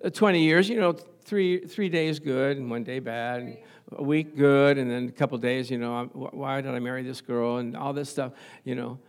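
A man's voice: medium pitch, moderate pace. A man in his sixties preaching a sermon in church, telling funny stories about his marriage, laughing often and calling out "Amen?" to the congregation. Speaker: pastor. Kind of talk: humorous sermon.

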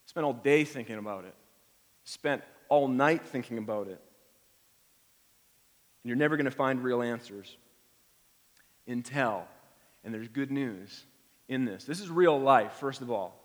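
A man's voice: medium pitch, lively intonation, measured pace, long pauses. A middle-aged man preaching a conversational sermon, acting out the feelings he quotes. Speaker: pastor. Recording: long hall reverb.

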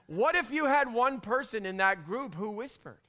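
A middle-aged man preaching a sermon, animated, dropping to hushed whispers and rising to loud bursts. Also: extremely high pitch, normal speed. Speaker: pastor.

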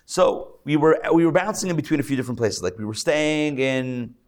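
Teaching a live audience, this rabbi speaks briskly and with animation in a fairly high, slightly mellow male voice. He chats freely, tosses in joking asides and often uses fillers and restarts.

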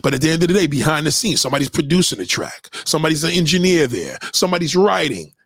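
A vlogger airs his opinions in an animated, profane rant, preaching to viewers as though he sees what they refuse to, and he drives points home by repeating them. His high, husky voice swings widely in pitch and he talks fast, with dry audio and no room echo.

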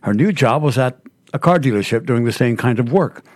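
A male radio producer reads a case story aloud over a dry, close studio mic. His pitch sits in the middle, and he tells it in a plain storytelling way with the odd stumble. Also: animated, a little fast, dry recording. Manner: storytelling read with small stumbles. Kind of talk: reading a case story on air.

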